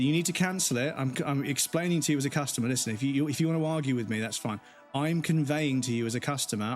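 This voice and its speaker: A man, a gaming streamer, angrily ranting in a casual live stream full of swearing. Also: medium pitch. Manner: angry, profane ranting.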